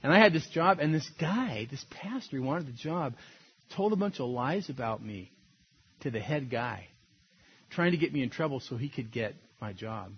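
Husky, lively-voiced pastor preaching conversationally. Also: male voice, mid-range voice, normal speed, dull audio. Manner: conversational, storytelling, laughs at own points. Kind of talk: sermon.

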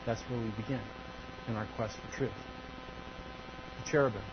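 A man preaching a sermon, swinging between loud emphasis and quiet asides. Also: medium pitch, steady tone, normal speed. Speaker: pastor. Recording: dull lo-fi church recording with faint hum.

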